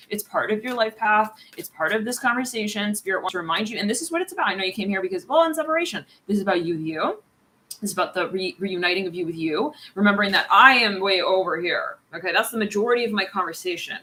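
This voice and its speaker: A woman with a bright, clear-edged voice at an ordinary pitch gives a channeled tarot reading. She rambles and searches for her words, restarting her sentences often. Her talk is casual and drops the odd swear word, with faint noise behind her. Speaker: tarot reader.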